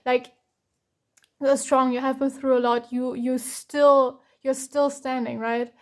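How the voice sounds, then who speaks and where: A woman's voice: sits high, little pitch movement, takes it slowly, darkish tone. A young woman from Germany giving an emotional tarot reading, close to tears and hesitant, with many fillers and restarts. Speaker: tarot reader.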